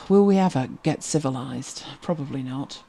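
A woman's voice: unhurried, creaky, husky. A woman hosting a casual livestream, chatting and telling wry anecdotes as she reads viewer comments. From Britain. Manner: chatty, wry storytelling with lively pitch swings. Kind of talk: casual chat.

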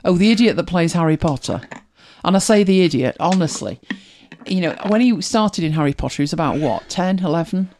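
Her lowish voice has a darkish tone and is animated and fairly quick. The middle-aged Manchester woman, mildly accented, hosts casually, rambling and laughing frequently as she reads comments sent in by listeners.

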